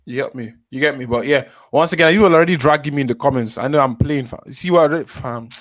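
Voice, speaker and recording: A man's voice: mid-range voice, fast. A young man, chatting as a fan pundit on a live stream, hyped and full of street slang.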